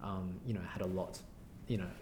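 A man's voice: low-pitched, little pitch movement, normal speed, echoey room, background noise. A man with an Australian accent, chatting as an interview guest in a rambling way with many fillers and restarts. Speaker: guest architect. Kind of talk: casual interview talk.

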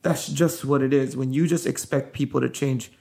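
A man hosting a podcast, chatting casually with his wife in an animated way, laughing and filling his talk with "like" and "you know". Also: medium pitch, moderate pace, creaky. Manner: animated, laughing, loaded with fillers. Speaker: podcast host.

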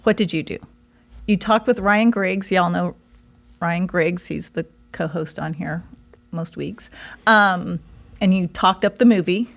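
A woman's voice: lowish voice, a little slow, gravelly. A woman guesting on her husband's podcast who talks in a rambling way, teases him and laughs a lot. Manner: rambling, teasing, laughs often. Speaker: podcast guest, host's wife. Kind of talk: casual podcast chat. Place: small studio set.

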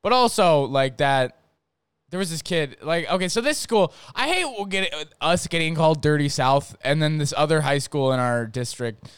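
A man's voice: fairly high pitch, animated, moderate pace, clean tone, no room sound, clean studio sound. A young man from North Dakota, rambling through a profane, casual story on his own show, full of fillers and restarts. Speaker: podcast host.

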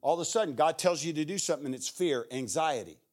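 A middle-aged man preaching as a guest speaker, telling stories in a conversational way that swings from hushed to intense. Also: a little high, fast. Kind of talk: storytelling sermon.

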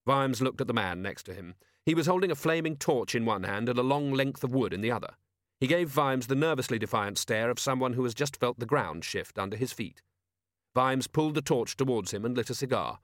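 Guy narrating an audiobook, dry close mic, wry and steady. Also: medium pitch, brisk, dry recording. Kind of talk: scripted narration.

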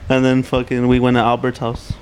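A man's voice: medium pitch, monotone, a little fast, a little hiss or hum, poor audio. A young man hosting a casual podcast chat, brash and mocking, swearing constantly. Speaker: podcast host.

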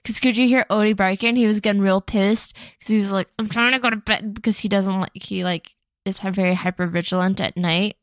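A woman's voice: medium pitch, level tone, fairly quick, no room sound. A young woman co-hosting a podcast, chatting casually, rambling and laughing often. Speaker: podcast co-host. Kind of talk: casual chat.

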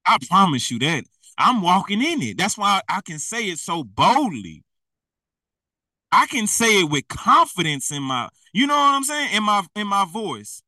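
Guy preaching hard, slangy and blunt, super bright tense voice, pretty far from the mic. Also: high voice, sing-song, moderate pace, no room sound. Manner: blunt, slangy, exhorting, laughs at himself. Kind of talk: fiery street-style preaching.

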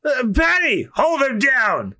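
A man voicing a loud, brawny cook who shouts and blusters while defending his restaurant. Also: extremely high pitch, huge pitch swings, takes it slowly, voice pushed up, full character voice. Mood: defiant.

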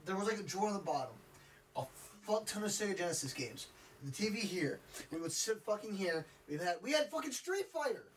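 A man's voice: high-pitched, very animated, a little fast, a little hiss or hum. A young man co-hosting a podcast, talking in profane, rambling banter with friends. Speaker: podcast co-host. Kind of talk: casual chat.

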